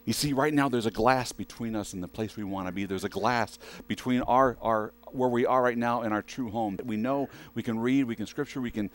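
A man's voice: mid-range voice, brisk, hardly any pauses. A man preaching a sermon in a conversational way, often asking the congregation questions. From western United States.

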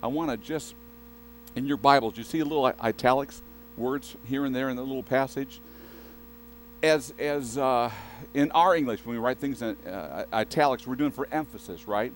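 A man's voice: medium pitch, normal speed, low-quality recording. Man preaching a conversational sermon. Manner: conversational preaching with frequent restarts and asides. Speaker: pastor.

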